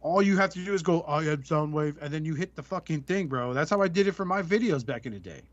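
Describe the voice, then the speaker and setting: A man's voice: a little high, lively intonation, fast, no room sound. A man co-hosting a podcast in casual chat, ranting heatedly and swearing a lot. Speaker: podcast co-host. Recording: dull, slightly lo-fi podcast mic.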